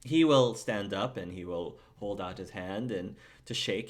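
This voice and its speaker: A man's voice: on the low side, lively intonation, normal speed. A man serving as game master, narrating a tabletop role-play audition casually with frequent fillers.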